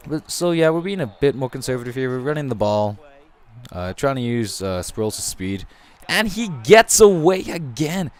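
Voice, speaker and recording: Lively, rambling young guy narrating gameplay. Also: medium pitch, moderate pace. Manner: rambling, joking, swears freely. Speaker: gaming commentator. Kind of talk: casual gameplay commentary.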